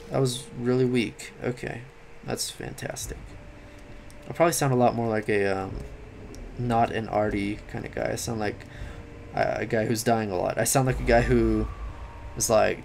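A tired young man giving late-night game commentary, rambling, swearing and yelling at the game. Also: mid-range voice, fairly even intonation, moderate pace, gravelly, slight background noise. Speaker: gaming commentator.

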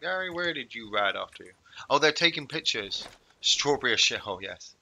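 A man's voice: medium pitch, expressive, moderate pace, creaky, sharp tone, a little hiss or hum. Swearing, rambling man streaming. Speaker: game streamer. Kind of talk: casual gaming chat.

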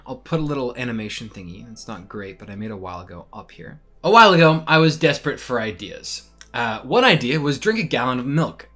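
A man's voice: mid-range voice, a bit bright. A young man and student rambling casually to camera in a vlog, self-deprecating and chatty. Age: young adult. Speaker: vlogger.

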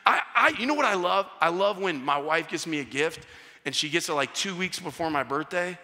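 Lively pastor preaching in a bright, echoing hall. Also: male voice, sits high, quick pace. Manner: animated storytelling, acting out dialogue. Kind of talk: sermon. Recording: church hall reverb.

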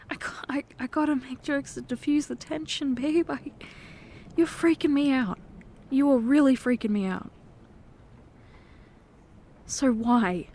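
Slow, tender woman in whispered role-play. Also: sits high, slight background noise. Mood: worried. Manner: tender, pleading, soft-spoken. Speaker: ASMR performer.

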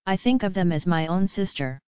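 A woman's voice: fairly low pitch, animated, fairly quick, darkish tone, clear, resonant tone, dry recording, dull audio, close to an everyday voice. A woman voicing a distressed young noblewoman who pleads earnestly in formal speech. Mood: pleading.

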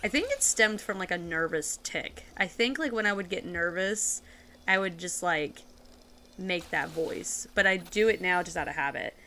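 There's slight background noise as a woman streams a game and chats casually with viewers and other players, giggling often and sometimes putting on a playful accent-like voice. Her lowish voice is expressive and pushed-bright, moving at a moderate pace.

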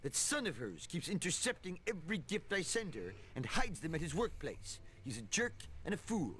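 An actor playing a pompous, self-pitying middle-aged comic shop owner in a cartoon game, talking in a grandiose way. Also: male voice, on the high side, sing-song, normal speed, a bit bright, a little hiss or hum. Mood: aggrieved.

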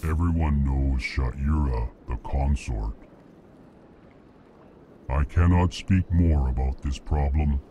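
An actor playing a formal alien male ambassador who speaks flatly and names his own feelings, from a game. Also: extremely low pitch, slight background noise. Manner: flat, slow, announces his emotions. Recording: game audio over music.

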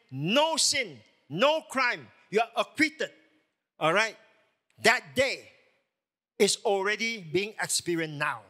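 A man's voice: high-pitched, sharp tone. A man preaching a sermon as lead pastor, emphatic and full of rhetorical questions.

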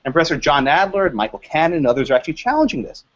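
A man giving a lively, joking law lecture to a live audience, quizzing the room and laughing at his own jokes. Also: a little high, very fast. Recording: dull lo-fi lecture recording.

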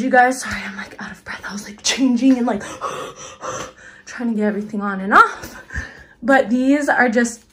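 A woman's voice: fairly high pitch, slightly rough. A woman in her twenties chatting to her phone camera in a casual try-on haul, bubbly and gushing, calling her viewers "you guys.". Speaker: fashion vlogger.

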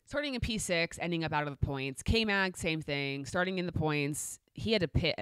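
A woman's voice: low voice, animated, normal speed, a bit bright, smooth, no echo, studio quality. A woman co-hosting a podcast, chatting casually and with energy, with lots of fillers and restarts. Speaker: podcast co-host. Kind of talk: casual chat recap.

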